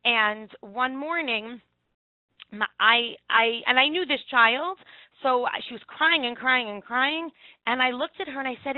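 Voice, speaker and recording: A woman with a fairly high voice giving earnest advice as an early childhood educator. She comes through a thin, phone-like line. The sound is dry and close, and she restarts a phrase here and there. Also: moderate pace, no echo. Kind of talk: instructive talk with anecdotes.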